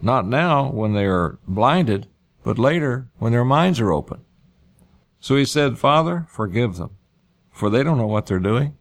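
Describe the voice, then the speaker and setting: A man's voice: mid-range voice, animated, a little slow. A man preaching a sermon, reading scripture aloud and retelling it in everyday words. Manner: reads scripture aloud and paraphrases it in plain speech.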